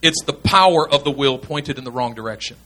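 Bright-voiced man preaching. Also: medium pitch, brisk. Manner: earnest, emphatic, repeats key points. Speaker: pastor teaching pastors. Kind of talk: sermon teaching.

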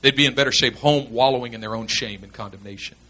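Bright-voiced man preaching. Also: mid-range voice, quick pace. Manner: earnest, emphatic, repeats key points. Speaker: pastor teaching pastors. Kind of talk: sermon teaching.

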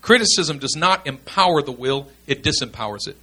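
A man's voice: medium pitch, lively intonation, fairly quick, sharp tone. A man teaching in a sermon style, earnest and emphatic, repeating his key points. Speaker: pastor teaching pastors.

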